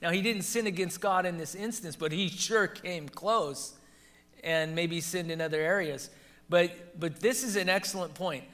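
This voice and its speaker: Pastor, male, slightly high bright voice, lively storyteller. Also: normal speed. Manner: animated storytelling, laughs at his own anecdotes. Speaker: pastor leading a Bible study. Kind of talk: teaching and discussion.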